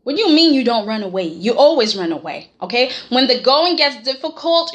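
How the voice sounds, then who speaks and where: Brisk and fairly high in pitch, with hardly a pause, a woman sassily recaps a soap opera episode in a casual vlog. She addresses the characters head-on, punctuating her lines with "okay?".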